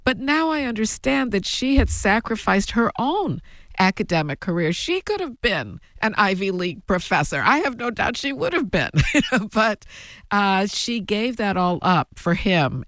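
A woman telling her family story as an interview guest, reflective and given to soft laughs. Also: mid-range voice, big pitch swings, no echo, studio quality. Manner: slow, reflective, laughs softly between thoughts. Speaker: guest, author.

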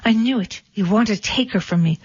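A woman voicing a possessive, scheming old female witch with a shrill, controlling manner, on a dull lo-fi recording. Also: brisk, a little mellow, breathy edge, no echo, lightly acted. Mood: suspicious.

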